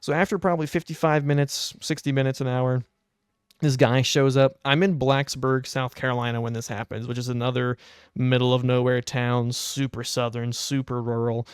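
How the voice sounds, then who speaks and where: Smooth-voiced young man telling a wry story. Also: mid-range voice, moderate pace, no room sound, studio quality. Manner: animated, wry storytelling with quoted asides. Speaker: podcast host. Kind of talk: casual anecdote telling.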